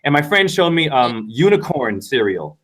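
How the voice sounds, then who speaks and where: A man's voice: mid-range voice, very animated, normal speed, fairly bright tone. A man in a casual panel discussion, speaking fervently and emphatically, often repeating himself. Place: runs a dance studio.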